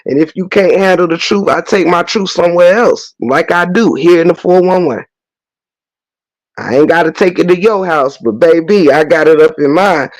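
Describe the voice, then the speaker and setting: A man's voice: on the high side, normal speed, no room sound, rough recording. A man hosting a commentary stream, ranting bluntly with heavy slang, cursing and mocking. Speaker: commentary host. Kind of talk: unscripted rant.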